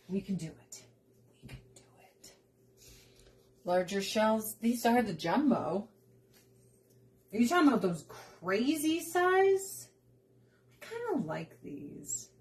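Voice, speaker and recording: Slow-talking woman chatting while she cooks. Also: on the high side, a little mellow, a little hiss or hum. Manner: chatty, laughs often, slips into playful voices. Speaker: cooking vlog host. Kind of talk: casual chat while cooking.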